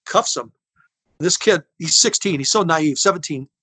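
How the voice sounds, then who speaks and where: A man in his sixties , an interview guest tells rambling, folksy stories with a fairly high voice. He acts out the people in his tales as he goes. The sound is close and dry. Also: moderate pace, breathy edge, dry recording. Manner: animated storyteller who acts out other people's lines; folksy, rambling, with restarts and laughter. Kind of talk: casual storytelling.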